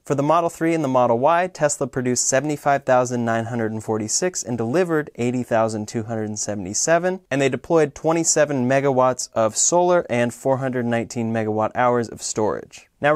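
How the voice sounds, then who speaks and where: Male YouTuber, casual recap with personal asides, mid pitch, dry close recording. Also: dry recording. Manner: conversational, adds personal asides. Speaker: tech YouTuber summarizing earnings news. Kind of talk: casual spoken commentary. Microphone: dedicated microphone.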